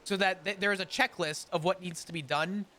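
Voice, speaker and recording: Bright high-voiced man rambling. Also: steady tone, brisk. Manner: rambling, laughs often, explains at length. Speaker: roleplay character in a court case. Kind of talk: casual in-character chat.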